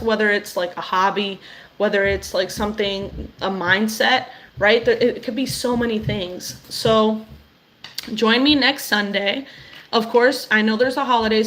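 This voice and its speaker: A woman's voice: medium pitch, slight background noise. A young woman hosting a weekly live stream, talking encouragingly and directly to her viewers. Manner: warm, affirming, addresses viewers directly.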